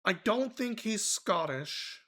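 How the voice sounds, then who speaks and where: A man's voice: high voice, expressive, slow, pushed and bright. A man streaming a mystery game, thinking aloud in loose, casual commentary with offhand swearing.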